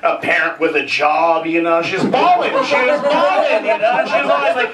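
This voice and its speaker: High-voiced young man doing crude stand-up. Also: fairly quick, few pauses, heavy background noise. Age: 20s. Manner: rambling, self-deprecating, crude. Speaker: stand-up comedian. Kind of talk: stand-up comedy set. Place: comedy club stage. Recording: roomy club, distant mic, crowd. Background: audience laughter.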